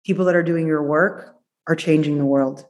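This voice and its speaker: A woman doctor, a guest on a podcast, talking in an effusive, playful way, quick in places and drawn out in others. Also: low-pitched, fairly even intonation, darkish tone. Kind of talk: casual interview chat.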